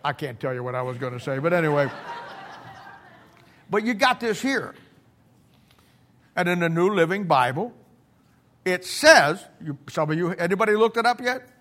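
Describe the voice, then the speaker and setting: A middle-aged man preaching in a loose, conversational way, blunt and folksy. He stumbles and repeats words as he builds his stories. His voice sits a little high for a man. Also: very animated, moderate pace, pauses often, a bit bright. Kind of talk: conversational sermon storytelling.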